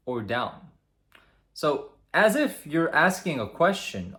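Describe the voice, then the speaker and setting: Lively young man coaching to camera. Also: mid-range voice. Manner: lively, demonstrative, upbeat explaining. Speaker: communication coach. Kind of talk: instructional talk to camera.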